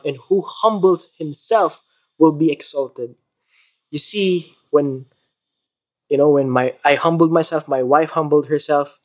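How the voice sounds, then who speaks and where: A man with a Filipino accent giving a short devotional talk, earnest in tone, then leading a prayer. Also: fairly high pitch. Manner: animated storytelling, acting out the argument; earnest, soft-spoken when praying. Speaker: preacher.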